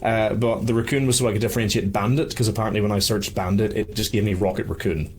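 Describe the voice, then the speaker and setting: A man's voice: on the low side, steady tone, fast, a little mellow, slight background noise. A man narrating as game master for a tabletop game, rambling and self-deprecating.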